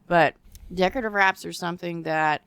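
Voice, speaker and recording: Podcast co-host, woman, lower pitched, animated storyteller. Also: a little fast, clear, resonant tone, dry recording. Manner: animated storyteller, acts out her own past reactions. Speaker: co-host teaching decorative rod wraps. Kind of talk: casual podcast chat.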